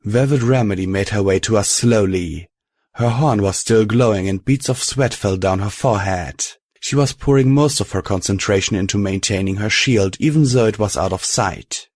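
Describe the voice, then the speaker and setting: A male audiobook narrator telling a fan fiction story in a steady, deliberate way. His voice sits on the low side, and the recording is dry and close, with no room sound. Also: no room sound.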